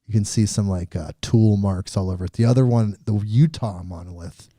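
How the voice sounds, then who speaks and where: A man's voice: lowish voice, brisk, warm tone, dry recording. A man hosting a podcast, chatting in a laid-back, rambling, joking way. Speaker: podcast host. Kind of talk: casual chat.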